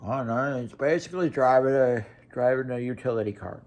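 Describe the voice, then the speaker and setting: A man's voice: mid-range voice, a little fast, a little mellow. A young man from Wisconsin, ranting casually to camera with blunt, profane talk and lots of restarts. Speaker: vlogger.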